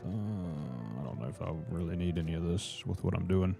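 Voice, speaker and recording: A man's voice: low voice, moderate pace, gravelly, music in the background. A man chatting casually on a gameplay livestream, talking to viewers and calling them brothers. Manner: relaxed, chatty, reads chat and greets viewers as brothers.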